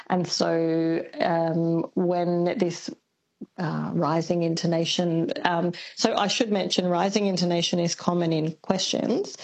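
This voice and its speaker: A woman, a linguist guest on a radio show, explaining carefully with frequent pauses and ums. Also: fairly low pitch, vocal fry, a little mellow, poor audio. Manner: thoughtful, explanatory, many ums. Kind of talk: radio interview.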